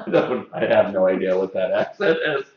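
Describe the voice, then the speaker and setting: A man's voice: low voice, expressive, a little fast. A man hosting a live hair-cutting show, chatting casually and jokingly in a salon classroom, recorded on a camera mic. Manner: joking, filler-heavy, talks to the chat. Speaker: hairstylist and show host. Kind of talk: casual chat during a live tutorial. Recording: echoey room, dull sound.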